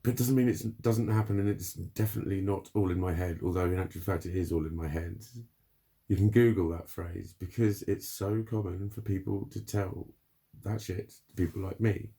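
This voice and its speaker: A man with a very low, gravelly voice talks through a spoken video diary. His tone is dark and husky, and he rambles loosely, swearing freely as he goes. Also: fairly even intonation, moderate pace. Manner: rambling, heavy swearing, frequent laughs. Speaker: vlogger.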